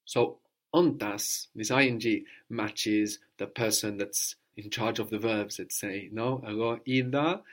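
A man's voice: fairly low pitch, unhurried. A man giving a patient one-to-one language lesson, prompting his student with questions and repeating the answers. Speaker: language teacher.

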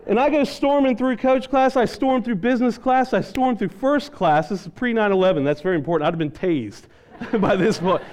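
A male pastor with a fairly high voice tells a long personal story in a sermon. He is animated and pokes fun at himself as he goes. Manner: animated, self-deprecating storyteller.

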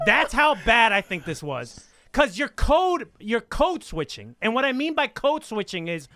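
A man hosting a casual wrestling talk show, animated and emphatic, often repeating himself as he makes his point. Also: very high voice, a little slow, a little hiss or hum. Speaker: host.

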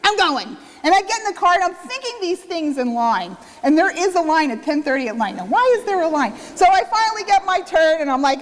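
High-voiced woman preaching in an echoing church. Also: animated, a little fast, few pauses. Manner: self-mocking storytelling, acts out quotes. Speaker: pastor. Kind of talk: sermon. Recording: church hall reverb.

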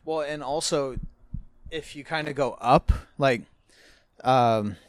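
Male podcast co-host, mid pitch, teasing and laid-back, dry close mic. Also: slow, dry recording. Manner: laughs often, teasing and swearing casually. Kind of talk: casual podcast chat.

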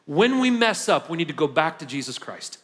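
A man's voice: a little high, sing-song, brisk, a bit bright. A male pastor preaching a conversational sermon in a church, building from easy talk to impassioned peaks. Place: church sanctuary. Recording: long hall reverb.

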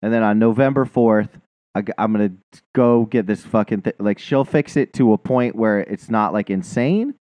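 A man's voice: lowish voice, moderate pace, dark tone, no echo. A man venting in casual chat, profane and exasperated, ranting with lots of swearing.

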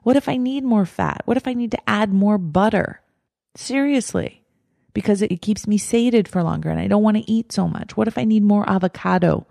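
Firm, mellow-voiced woman coaching. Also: mid-range voice, normal speed, gravelly, no room sound, clean studio sound. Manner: direct, emphatic, repeats her steps. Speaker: life coach and podcast host. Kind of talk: motivational podcast talk.

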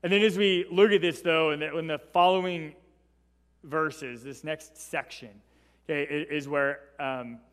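A male preacher gives a Bible lesson in a relaxed, conversational tone, punctuating his points with rhetorical questions. His voice sits slightly high. Long reverb from a large hall trails behind his words. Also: unhurried. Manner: conversational, tags points with "right?". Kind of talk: sermon, Bible teaching.

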